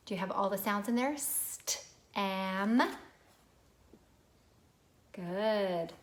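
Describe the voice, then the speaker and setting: A patient woman teaches young children a recorded phonics lesson, prompting them to repeat words. Her voice is medium in pitch, and there's a little hiss or hum on the recording.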